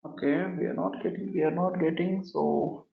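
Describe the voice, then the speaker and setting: Brief: male coding instructor, slightly high voice, walks through steps aloud, echoey dull recording. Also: steady tone, normal speed, gravelly. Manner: talks through steps while typing, often addresses the class as "guys". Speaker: programming instructor. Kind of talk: live coding lesson.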